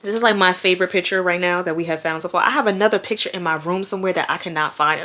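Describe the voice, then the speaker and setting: A woman's voice: fairly low pitch, rapid-fire, few pauses, pushed and bright. A woman in her twenties from Queens, New York, with a New York accent, talking to camera candidly and slangily as she grieves. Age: 20s. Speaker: vlogger. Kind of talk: casual talk to camera. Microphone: camera mic.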